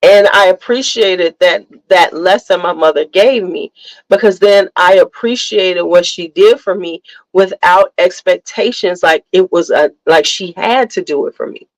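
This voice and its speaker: In an unhurried, fairly low voice, a middle-aged woman hosts a laid-back motivational session. She shares candid stories emphatically and circles back to stress key points. Her recording is dry and of low quality.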